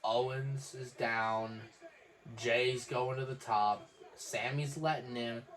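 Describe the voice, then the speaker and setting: A man calling a wrestling match live with a friend, in quick, excitable play-by-play and dry jokes. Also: medium pitch. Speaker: wrestling watch-along host. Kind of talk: casual live reaction commentary.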